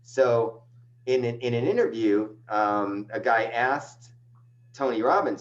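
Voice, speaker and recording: A man's voice: mid-range voice, slow. A man guest on a casual video call interview, telling a long, rambling, self-deprecating story. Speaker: guest, agency owner. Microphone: video call microphone. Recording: dull lo-fi video call with faint hum.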